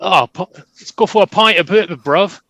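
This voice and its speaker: A man's voice: sits high, moderate pace, a bit bright, pitched above the performer's own voice. A man putting on a brash English soccer hooligan. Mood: cocky. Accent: English, put on. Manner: jokey, self-mocking.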